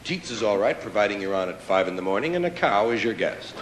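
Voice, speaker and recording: Man doing a lively stand-up routine. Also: lowish voice, quick pace, very noisy. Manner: riffing, mock-indignant, bursts of loud shouting. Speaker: stand-up comedian. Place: live comedy stage before an audience. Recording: old live recording, roomy hall with audience laughter. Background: audience laughter.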